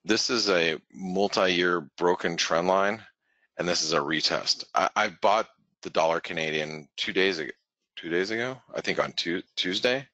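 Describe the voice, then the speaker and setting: A man's voice: deep voice, moderate pace, pushed and bright, no echo, lo-fi sound. A man hosting a webinar, giving casual live market commentary in a rambling way that keeps correcting itself and restarting. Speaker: forex market analyst, webinar host.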